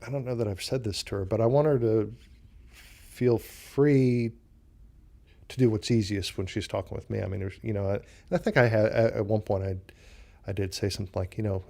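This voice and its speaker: A man's voice: lowish voice, fairly even intonation, moderate pace, gravelly, dark tone. A man speaking candidly in a radio interview, with chuckling asides. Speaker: voice coach.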